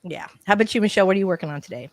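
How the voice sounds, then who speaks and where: A bubbly woman hosts a casual livestream and chats with friends, full of enthusiasm. Her pitch is middle, and the sound is dry and close on a webcam mic. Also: rapid-fire, no echo. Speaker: co-host of a writing livestream.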